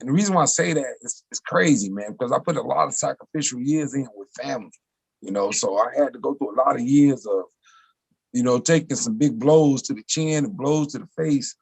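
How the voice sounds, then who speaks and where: A man's voice: mid-range voice, brisk, gravelly, husky, low-quality recording. A man in his forties talking casually and reflectively on a video call. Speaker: guest. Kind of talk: casual chat.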